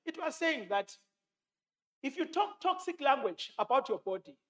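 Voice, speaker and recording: A man's voice: very high voice, very animated, moderate pace, a bit bright. A man preaching a sermon, quoting scripture and repeating his key lines for emphasis.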